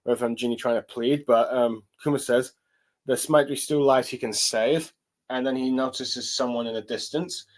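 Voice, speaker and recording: A man's voice: medium pitch, steady tone, moderate pace. Hesitant man recapping a manga chapter. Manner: hesitant, many fillers and restarts while reading along. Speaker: manga reviewer. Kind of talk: casual solo chapter review.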